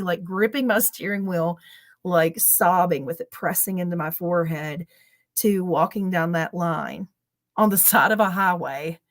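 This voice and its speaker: A woman teacher, telling an emotional story on a roundtable video call, laughing often between lines. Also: mid-range voice. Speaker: teacher and panel guest. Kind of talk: roundtable discussion.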